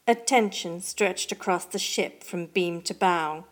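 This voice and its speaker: A woman hosting a story podcast, reading scripted narration in a measured, steady way. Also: lowish voice.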